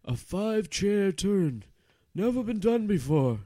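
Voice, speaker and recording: A man's voice: high-pitched, sing-song, a little slow, mellow, no room sound, heavily acted. A man playing a flustered, stammering dad. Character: awkward middle-aged dad Harold, eager to please. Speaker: comedy podcast host. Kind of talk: improvised comedy scene.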